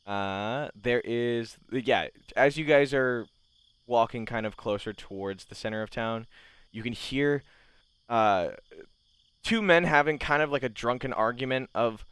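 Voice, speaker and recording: A man's voice: medium pitch, a little slow, fairly bright tone, smooth, dry recording. A man narrating casually as game master, with many fillers.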